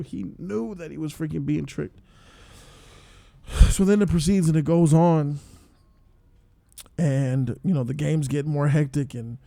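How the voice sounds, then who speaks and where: A man giving a casual spoiler review, excitable and profane, breaking into loud outbursts. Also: fairly high pitch, gravelly, no room sound. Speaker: show reviewer.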